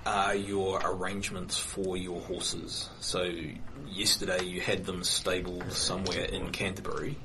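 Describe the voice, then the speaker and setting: Deep-voiced man running a tabletop game. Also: flat delivery, background noise. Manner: halting, many ums and uhs. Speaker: game master.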